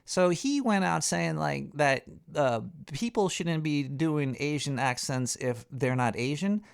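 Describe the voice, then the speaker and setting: A man's voice: a little high, measured pace, creaky, clean tone. A man hosting a talk show, ranting in a rambling, profane way with frequent stammering and restarts. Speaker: radio show host.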